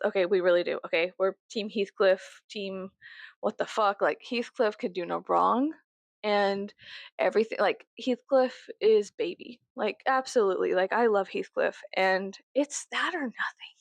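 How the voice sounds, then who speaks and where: A woman in her thirties telling a storytime vlog from her bedroom, profane and animated, laughing often and acting out what people said. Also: medium pitch, normal speed, creaky, no room sound. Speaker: vlogger.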